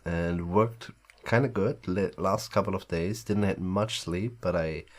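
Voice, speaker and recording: A man's voice: deep voice, a little slow. A man with a groggy just-woke-up voice, rambling casually while streaming a game. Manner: rambling, loose, swears casually. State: groggy morning voice. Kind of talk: casual gaming stream chat.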